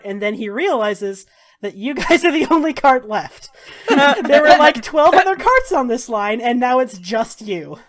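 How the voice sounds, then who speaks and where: Chill lady running a tabletop game, lotsa ums. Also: mid-range voice. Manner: casual, chatty with fillers. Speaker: game master.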